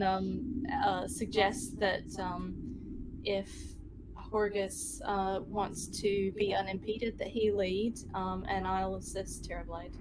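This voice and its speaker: Brief: woman player, slow halting speech, noticeable hiss behind her. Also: mid-range voice, little pitch movement. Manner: hesitant, many ums. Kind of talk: casual tabletop play.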